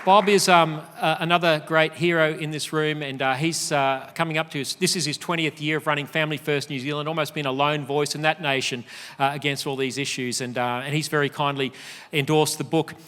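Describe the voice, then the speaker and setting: Middle-aged Australian man, high and bright, delivering an earnest conference address with lots of ums; big hall reverb. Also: little pitch movement, brisk, a faint crowd. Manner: earnest, emphatic, with frequent fillers. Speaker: speaker. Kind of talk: conference speech.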